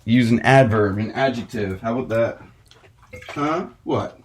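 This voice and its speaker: Young dude hosting a podcast, swears a lot, rants then laughs. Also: male voice, medium pitch, unhurried, a little hiss or hum. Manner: profane, ranting, laughing. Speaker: podcast host. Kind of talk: casual chat.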